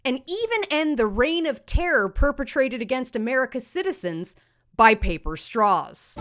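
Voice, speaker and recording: A woman hosts a satirical show with sarcastic, punchy scripted commentary. Her voice is slightly high and swings widely in pitch. Light music plays underneath. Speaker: comedy show host.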